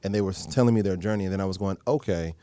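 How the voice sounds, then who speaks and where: A man in his thirties, an actor guest in a radio studio, telling stories in a relaxed interview with frequent restarts. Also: low-pitched, rapid-fire, clear, resonant tone. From Los Angeles. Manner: animated storyteller, many restarts. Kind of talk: casual interview talk. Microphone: studio mic.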